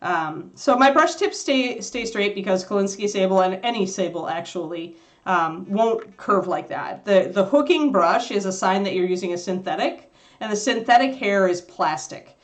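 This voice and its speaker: A woman's voice: medium pitch, lively intonation, moderate pace. A woman hosting a miniature painting livestream, chatting casually and explaining brushes and colors to viewers. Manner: chatty, scolds and coos at her puppy between painting tips.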